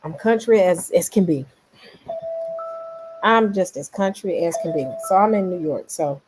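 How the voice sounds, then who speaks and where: A woman from Memphis with a Southern accent, hosting a casual commentary vlog, animated and rambling as she talks straight to her viewers. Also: fairly low pitch, measured pace, soft background music. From Memphis, Tennessee. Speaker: vlogger host.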